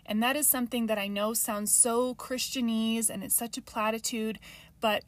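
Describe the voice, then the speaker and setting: A woman's voice: a little high, fairly even intonation, moderate pace, dry recording. A woman in her thirties hosting a solo podcast, talking earnestly and confessionally with frequent ums. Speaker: podcast host. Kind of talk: reflective solo podcast talk.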